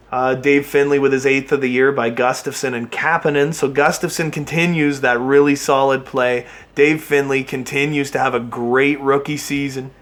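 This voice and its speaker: A man giving excitable play-by-play commentary on a hockey video game he is playing, cheering and groaning at his team. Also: mid-range voice. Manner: excitable play-by-play, yelling at the players. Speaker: gaming channel host.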